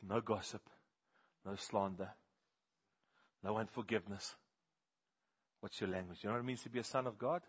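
A man preaching a sermon, firing questions at the congregation and swinging between hushed and loud passages. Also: on the low side, moderate pace, pauses often, slightly rough, highs cut off.

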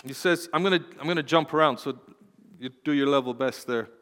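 A man pastor preaching a sermon, swinging between loud, fervent exhortation and quiet, tender storytelling. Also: on the high side, a little fast. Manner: impassioned preaching, rising to loud exhortation and dropping to soft storytelling. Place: church sanctuary. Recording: long hall reverb.

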